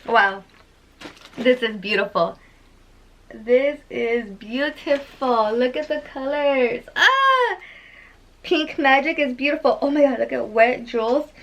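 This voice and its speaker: A woman's voice: sits high, moderate pace, rough recording. A young woman vlogging an unboxing, gushing over each item with gasps and lots of fillers. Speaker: beauty vlogger. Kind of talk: excited unboxing vlog.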